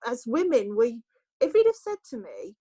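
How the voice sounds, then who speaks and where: Woman on a podcast, chatty storyteller, higher voice, dry close sound. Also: normal speed, husky, no echo, rough recording. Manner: lively storytelling, acts out quoted lines. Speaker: podcast guest, journalist and presenter. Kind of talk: casual chat.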